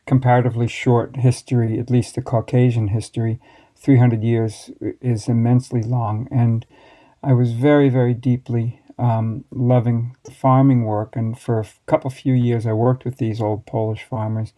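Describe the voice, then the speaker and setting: An American man in his sixties, a master baker, telling stories from his past in a relaxed, wry way as an interview guest. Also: medium pitch, normal speed. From United States. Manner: relaxed, reflective, wry storytelling. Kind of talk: storytelling interview answers.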